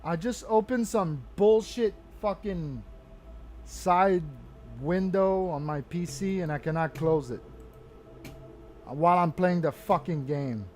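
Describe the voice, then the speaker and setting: A man's voice: sits high, takes it slowly, darkish tone. A man commentating his live game stream, cursing in frustrated outbursts with faint game music behind. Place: home room at a computer.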